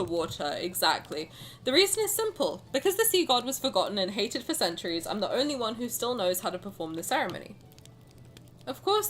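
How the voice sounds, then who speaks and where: Lively, chatty woman streamer. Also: on the high side, a little hiss or hum. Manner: chatty, joking, reads game text aloud. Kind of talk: casual gaming commentary. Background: faint game music.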